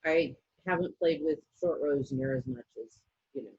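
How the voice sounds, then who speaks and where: A low-voiced woman with a husky tone tells animated shop stories in a casual chat. The sound is dry and muffled, with no room echo. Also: moderate pace. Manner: animated storyteller who acts out quotes. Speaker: co-host and shop employee.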